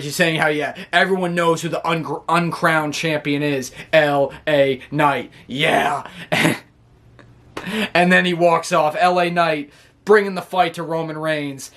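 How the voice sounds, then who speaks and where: A man's voice: a little high, fairly bright tone. Giggly rambling man recapping wrestling. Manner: rambling, laughs often, acts out quotes. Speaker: wrestling show reviewer. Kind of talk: casual recap.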